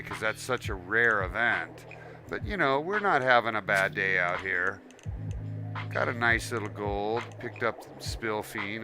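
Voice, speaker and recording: A man chatting casually on a live game stream, warm toward his viewers and sometimes talking about himself in the third person. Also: on the low side. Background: background music.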